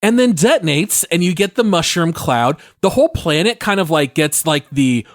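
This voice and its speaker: A man's voice: a little high, animated, moderate pace, no room sound. Man, gaming podcast co-host, step-by-step recounting, dry close recording. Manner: describes events step by step. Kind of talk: casual gaming podcast chat.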